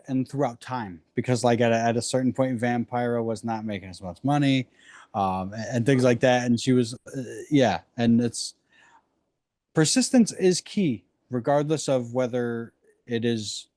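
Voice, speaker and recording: A self-deprecating man rambles as a guest on a casual podcast, laughing at his own jokes. His voice is ordinary in pitch for a man and sounds dry and close. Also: normal speed, darkish tone, no echo. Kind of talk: casual chat.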